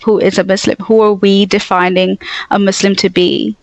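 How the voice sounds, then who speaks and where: A woman's voice: mid-range voice, little pitch movement, normal speed, gravelly, dry recording, poor audio. A woman guest in casual conversation, talking animatedly and slipping into quoted asides with "I'm like".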